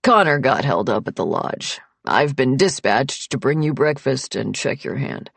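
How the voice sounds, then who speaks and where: A woman voicing a calm, wry adult male doctor in a lowered voice, in a read-aloud audiobook. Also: unhurried, vocal fry, slightly rough, no room sound, full character voice.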